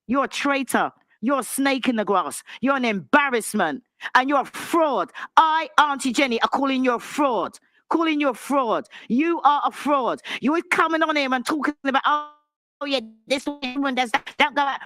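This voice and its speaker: A woman's voice: on the high side, fairly bright tone, dry recording. A woman giving an angry, lecturing rant in a clip, calling someone out. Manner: indignant, lecturing.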